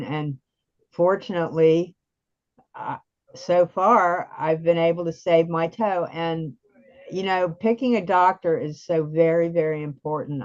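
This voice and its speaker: A middle-aged woman with a lowish voice recounts her story on a video call, plain-spoken and earnest. Her sound comes through dull and lo-fi, as over a call line. She talks conversationally, with a few fillers along the way. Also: darkish tone. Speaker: guest sharing patient story.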